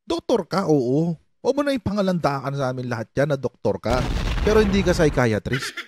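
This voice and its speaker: Filipino male commentator, high-pitched, sarcastic and ranting, light noise behind. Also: darkish tone. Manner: sarcastic, ranting, mimics others. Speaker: political commentator. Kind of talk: mocking commentary mixing Tagalog and English.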